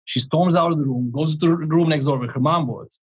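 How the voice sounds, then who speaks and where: Speaking a little high and fairly quickly, with a slightly rough voice, a man in his forties who works as a life coach recounts a story in a podcast interview. He's animated and rambling, restarting often and chuckling, and the recording is muffled.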